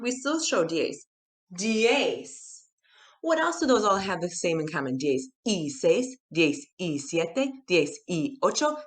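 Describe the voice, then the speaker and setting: Lively woman teaching kids, echoey room. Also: lowish voice. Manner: animated and encouraging, drawn-out counting. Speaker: Spanish teacher for children. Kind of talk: upbeat kids' video lesson.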